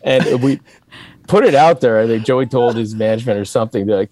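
A man's voice: medium pitch, a little fast, dry recording. A man who is a musician, guesting on a podcast and telling tour stories casually with frequent laughs. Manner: animated, laughing storyteller.

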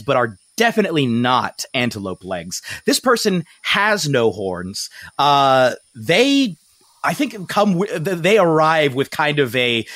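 Bright, lively game master man. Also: a little high, dry recording. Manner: improvised, many fillers and restarts, laughs often. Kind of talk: narrating a tabletop game.

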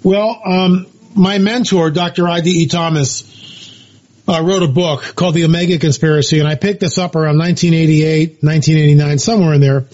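A man's voice: on the high side, steady tone, a little fast, a little mellow. A man, an author being interviewed, telling his story emphatically with many repeated phrases and fillers. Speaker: author and researcher guest. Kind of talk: animated storytelling interview talk. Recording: dull lo-fi audio.

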